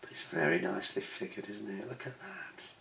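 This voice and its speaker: A man's voice: lowish voice, a little fast, gravelly, fairly bright tone. A man giving a casual hands-on review of a scale model kit, chatty and admiring, with wry self-mocking asides.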